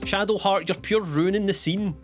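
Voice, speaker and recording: A Scottish man giving jokey, animated commentary while streaming a game. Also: sits high, normal speed, faint music behind. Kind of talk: gameplay commentary.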